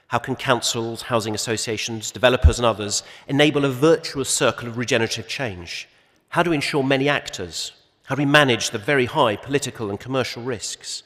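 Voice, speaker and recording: A man chairs a conference panel, speaking in a measured, wry way with frequent asides and restarts. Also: mid-range voice, a bit bright. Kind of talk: conference opening speech. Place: large assembly hall. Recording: long hall reverb.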